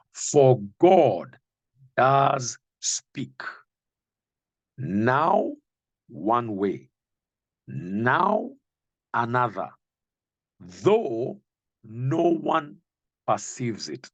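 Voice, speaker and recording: A man teaching from scripture in an unhurried, deliberate sermon, pausing on each phrase and turning to question the listener directly. His voice is husky and mid-pitched. The sound is dry and close, with no room around it. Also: dry recording, muffled recording. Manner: slow, emphatic Bible teaching, addresses listener directly. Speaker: preacher.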